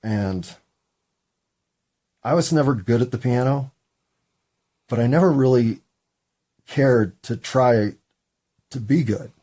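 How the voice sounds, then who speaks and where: A man's voice: on the low side, darkish tone, husky. A man in his fifties in a casual, rambling, self-deprecating solo monologue. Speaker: solo podcaster.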